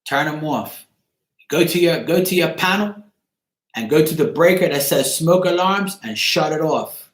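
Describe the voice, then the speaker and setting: In an echoey room, a man with a slightly high, slightly slow voice hosts a casual live chat show. He gives a viewer advice emphatically and repetitively, swearing freely and asking "right?" over and over.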